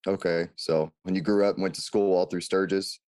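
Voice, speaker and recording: A man's voice: low-pitched, level tone, a little fast, darkish tone, clear, resonant tone. A man hosting a casual interview, asking follow-up questions and laughing along with his guest. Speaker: interviewer host.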